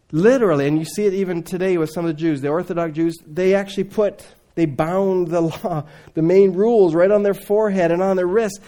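A man preaching a sermon, swinging between loud emphatic lines and hushed, low asides.

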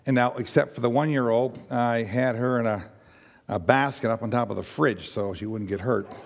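An older man from Nova Scotia with a raspy voice, giving a rambling personal testimony to a church congregation with many fillers and restarts. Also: mid-range voice, moderate pace, big-room sound.

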